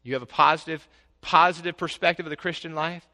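A man preaching a sermon as pastor, swinging from quiet asides to loud, exclaiming passages. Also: fairly high pitch, a little fast.

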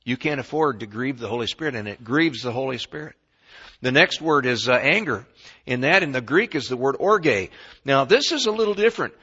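A man preaching a sermon in a folksy storytelling way, swinging between quiet asides and loud bursts. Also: medium pitch, animated, a little fast, husky, dull audio.

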